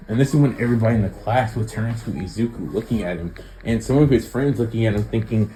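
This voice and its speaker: A man's voice: on the low side, fast, few pauses, warm tone, faint music behind, rough recording. A man casually telling a fan-made story, rambling with many fillers.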